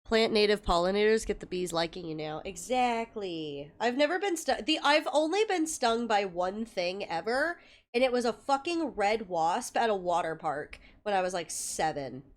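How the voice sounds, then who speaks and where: Speaking at normal speed with a medium pitch and lively intonation, a young female streamer tells stories to her viewers in a chatty, casual way. She swears often and greets people by name.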